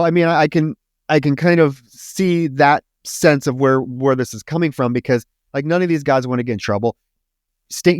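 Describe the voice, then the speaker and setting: A man co-hosting a podcast, casually talking through a film, blunt and profane, retelling scenes with quick acted quotes. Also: fairly high pitch, darkish tone, smooth, no echo, studio quality. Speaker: podcast co-host.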